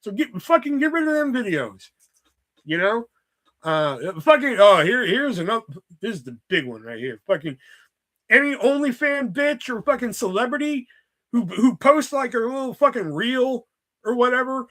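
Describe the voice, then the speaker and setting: A man's voice: very high voice, very animated, normal speed, bright, forceful tone. A man streaming live, rambling in a casual, exasperated rant full of swearing. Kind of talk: casual profane livestream rant.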